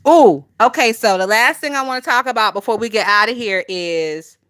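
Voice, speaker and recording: A woman's voice: a little high, moderate pace, a bit bright, clean tone. A woman hosting a casual gossip livestream, chatty and profane, laughing often and talking to her chat. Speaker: gossip channel host.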